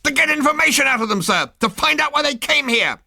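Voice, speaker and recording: A man's voice: very high voice, lively intonation, a little fast, creaky, sharp tone, no room sound, voice pushed up, heavily acted. A man voicing a furious male military second-in-command who squeals and bellows. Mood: furious shouting.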